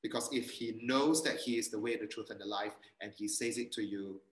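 A man's voice: on the low side, steady tone, brisk, echoey room, low-quality recording. A male pastor, giving an interactive sermon and quizzing his congregation. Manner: asks the congregation questions and reads their answers aloud. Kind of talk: interactive sermon with online quiz.

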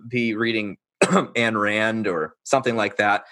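A man's voice: lowish voice, steady tone, measured pace, pushed and bright. A man hosting a podcast, talking passionately and rambling, often restarting his sentences. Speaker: podcast host. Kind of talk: casual interview chat.

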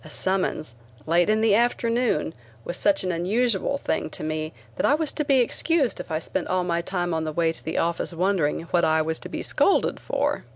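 A woman reading a first-person memoir aloud as an audiobook narrator, in a clear storytelling manner. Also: on the low side, moderate pace, few pauses.

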